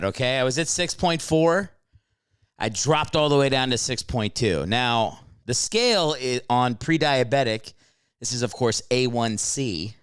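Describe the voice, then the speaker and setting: A man in his late thirties hosting a solo podcast from his home couch, talking in a brash, profane, excitable comedic rant, a little out of breath from a walk. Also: medium pitch, smooth, no room sound, studio quality. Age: 30s. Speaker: podcast host.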